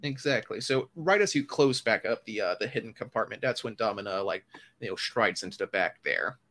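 A man's voice: lowish voice, expressive, brisk, fairly bright tone. A man narrating as game master of a tabletop game, casual and rambling. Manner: casual, rambling, filler-heavy.

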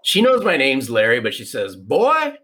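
A man in his fifties, a podcast guest telling a personal story in an animated, repeating way. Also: medium pitch, a little fast. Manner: animated, restarts, repeats for emphasis. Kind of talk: conversational storytelling.

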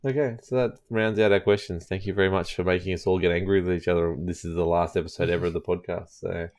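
A man with a very low, deep voice hosts a relaxed gaming podcast. He teases his co-hosts and laughs often as he talks. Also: fast talker. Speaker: podcast host. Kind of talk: casual gaming podcast chat.

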